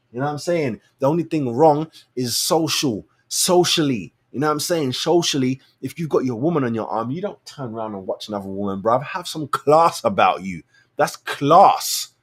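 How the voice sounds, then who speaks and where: Husky guy on a rant, slangy and blunt, voice sits a bit high, goes from mutters to loud bursts. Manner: animated, slangy and blunt, swings between low mutters and loud outbursts. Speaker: show host. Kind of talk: casual opinion rant.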